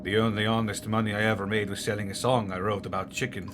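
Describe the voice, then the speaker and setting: A man's voice: on the low side, flat delivery, quick pace, close to an everyday voice. A man reading aloud the lines of a rambling, oddball male rogue from a video game, in a matter-of-fact storytelling way. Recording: noisy background hiss.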